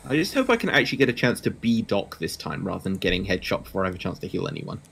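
A man's voice: low-pitched, sing-song, racing, vocal fry, a bit bright, slight background noise. A man playing a team game on a stream, making exasperated, sweary remarks to his teammates. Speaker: gamer teammate. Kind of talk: casual gaming chat with callouts.

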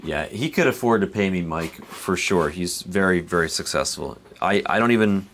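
This card break host has a low-pitched, fairly bright voice with lively intonation at normal speed, with slight background noise. On a live stream he opens cards, rambling and laid-back, chuckling between remarks and reading the names aloud.

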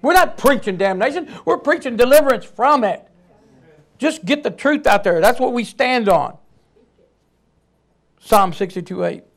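A man preaching a sermon in an emphatic way, with sudden loud outbursts. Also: extremely high pitch, animated, a little slow, creaky, long pauses.

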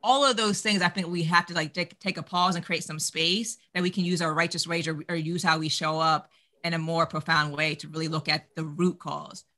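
A woman panelist with a strikingly forceful, sharp-edged voice. She talks emphatically and conversationally, leaning on "like" as she builds her points. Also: deep voice, fairly even intonation, a little fast. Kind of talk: candid panel discussion.

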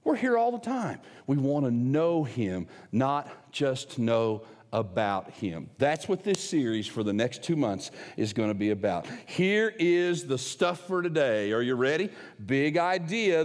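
A church pastor preaches in the sanctuary, telling a personal story in an emphatic, conversational way. His voice is a little high, with a long reverb tail.

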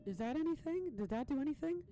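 A man's voice: very high voice, expressive, fast, dark tone, faint music behind. A young man casually commenting on a game stream, rambling and thinking aloud with lots of fillers and restarts, fretting about his audio settings. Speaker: gaming streamer.

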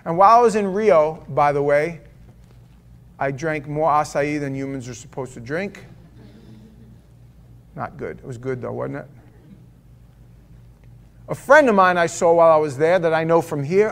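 A man preaching in church, his voice sitting a little higher than most men's. He tells his sermon as a loose, conversational story and keeps asking the room rhetorical questions. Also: normal speed, long pauses, a bit bright. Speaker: pastor.

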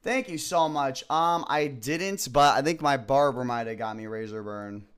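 While streaming a game, a frustrated young man rants and swears heavily, shifting between quiet muttering and loud yelling. He talks at a normal speed with few pauses, and his tone is clean.

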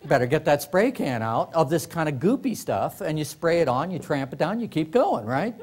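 A middle-aged man tells comic stories to a library audience, his voice set a bit high for a man. He laughs often and slips into quick acted voices for the people he quotes. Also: very animated, a little mellow, slightly rough. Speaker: author giving a workshop talk. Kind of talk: comic storytelling to a live audience. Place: library meeting room.

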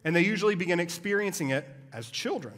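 A fairly high-voiced man gives a sermon, explaining points in an easy, conversational way and dropping in casual asides. His voice carries a long reverb from a church hall. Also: animated, quick pace, fairly bright tone. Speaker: pastor.

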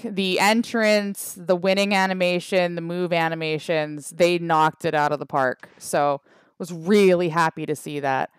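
Slow-talking Canadian woman streamer, wry. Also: lowish voice, smooth, no echo, clean studio sound. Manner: chatty, wry, trails off with fillers. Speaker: game streamer. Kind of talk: casual livestream chat reading the chat.

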